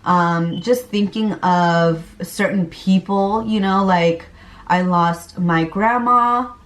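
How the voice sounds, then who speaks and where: A woman's voice: fairly low pitch, slow pace. A young woman vlogging candidly and chattily about her pregnancy, laughing now and then as she recalls things. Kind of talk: casual pregnancy vlog talk. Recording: roomy, a bit far from the mic.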